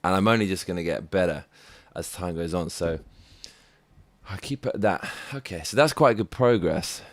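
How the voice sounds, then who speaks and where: A man's voice: deep voice, normal speed, dry recording. A man working in a music studio during a live stream, muttering half to himself and humming melody ideas between sudden bursts of hype. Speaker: rapper and producer.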